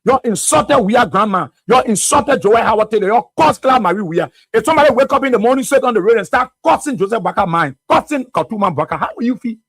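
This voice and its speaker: Fiery high-voiced Liberian radio host. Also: male voice, expressive, fast, hardly any pauses, a bit bright, husky, dry recording. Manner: fiery, rhetorical, repeated questions. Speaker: radio talk show host. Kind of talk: political commentary monologue. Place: radio studio.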